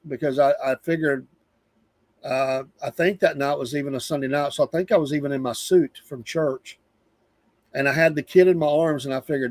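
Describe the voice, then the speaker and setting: A man's voice: on the high side, moderate pace, no echo. A middle-aged man with a Southern US accent hosting a live show, venting in a casual, rambling monologue and repeating himself for emphasis.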